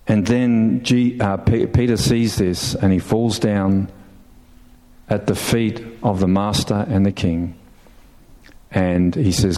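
A man's voice: sits low, unhurried. Emphatic preacher, man. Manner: animated storytelling, rising to emphatic questions, with laughs. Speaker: pastor. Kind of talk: sermon.

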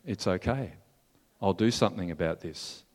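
A man's voice: deep voice, animated, moderate pace, a little mellow. A preacher putting on a sly, coaxing queen. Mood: soothing. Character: scheming queen, woman, sly and soothing. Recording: long hall reverb.

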